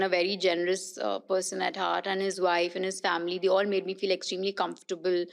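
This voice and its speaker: A woman's voice: mid-range voice, creaky. A woman, a guest on a podcast, telling stories animatedly and laughing often. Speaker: guest, actress and politician. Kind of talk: casual podcast conversation.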